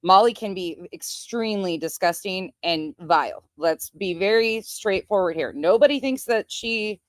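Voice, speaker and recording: A woman's voice: mid-range voice, moderate pace, no echo. Woman host, plainspoken and profane, medium voice, dead-dry recording. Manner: blunt, profane gossip. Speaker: livestream host. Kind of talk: casual livestream commentary.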